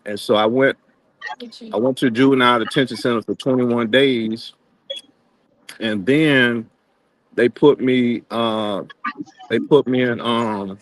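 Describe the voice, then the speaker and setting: A man with a mid-range voice speaking in a relaxed, halting street style. The sound is dry and close, with no room around it. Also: mid-range voice, no echo, poor audio. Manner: laid-back street talk, halting restarts. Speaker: guest. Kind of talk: casual live-stream interview.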